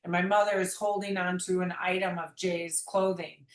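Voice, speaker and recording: A woman's voice: lowish voice, flat delivery, normal speed, roomy sound, low-quality recording. A woman guest talking about her memoir in an earnest, rambling way, often restarting her sentences. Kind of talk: reflective conversational interview.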